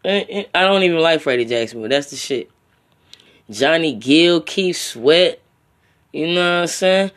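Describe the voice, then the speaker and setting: A man's voice: a little high, expressive, unhurried, a bit bright. A young man hosting a solo podcast in a loose, profane, rambling way, talking straight at his listeners and ending lines with slang tags like bro and my friend. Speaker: podcast host. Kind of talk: casual solo podcast rant.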